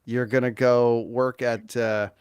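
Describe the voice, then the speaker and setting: A man's voice: mid-range voice, level tone, slow, darkish tone, smooth, no room sound. Rambling male host from small-town Ontario, dry sound. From small-town Ontario, Canada. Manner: rambling, many fillers and restarts. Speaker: podcast host. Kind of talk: casual interview chat.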